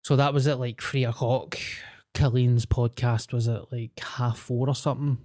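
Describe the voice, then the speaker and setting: A man's voice: mid-range voice, fairly even intonation, normal speed, a little mellow. Casting: Scottish man, podcast co-host, jokey and self-deprecating storyteller. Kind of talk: casual chat.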